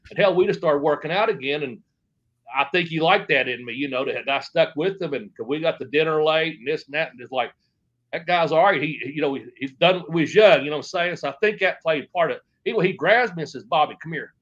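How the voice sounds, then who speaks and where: A man's voice: a little high, quick pace, fairly bright tone, muffled recording. A man, a former pro wrestler, telling stories in an interview, rambling with lots of fillers. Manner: rambling, filler-heavy, acts out quotes. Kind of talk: shoot interview storytelling.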